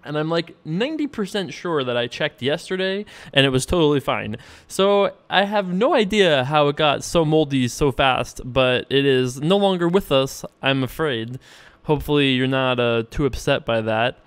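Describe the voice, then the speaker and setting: A man's voice: on the high side, animated, normal speed, clean tone. A man from the United States giving casual, chatty commentary on his own online poker session, thinking aloud and poking fun at himself. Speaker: poker vlogger.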